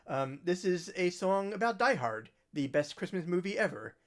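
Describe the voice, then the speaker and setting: A musician hosting a livestream, chatting casually and rambling through recommendations with soft trailing asides. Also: male voice, high voice, very animated, normal speed.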